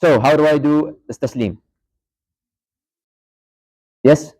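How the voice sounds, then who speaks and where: A man's voice: a little high, takes it slowly, darkish tone, poor audio. A man teaching a live class in a mosque, casually walking students through a prayer demonstration and quizzing them as he goes. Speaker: Islamic studies teacher.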